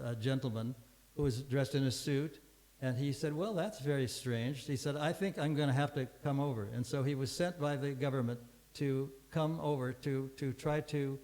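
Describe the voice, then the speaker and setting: A man's voice: mid-range voice, darkish tone, low-quality recording. An older man giving a scripture class, telling a long story in a rambling way with many restarts and fillers.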